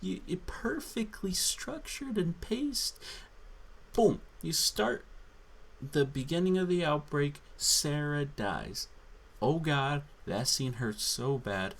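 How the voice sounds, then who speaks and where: A man's voice: fairly high pitch, expressive, takes it slowly, vocal fry. A man on a drunken solo rant, angry, profane and exasperated. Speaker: channel host.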